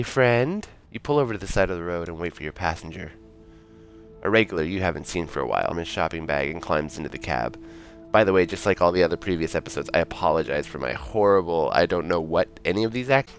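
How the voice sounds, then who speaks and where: Animated man reading a game. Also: sits low, a little fast, soft background music. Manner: animated, reads narration in second person. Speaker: streamer. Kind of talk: reading a game aloud with commentary.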